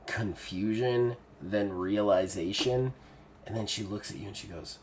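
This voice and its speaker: A man running a tabletop game as game master, narrating in an animated way with casual swearing. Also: on the low side, unhurried, a little hiss or hum.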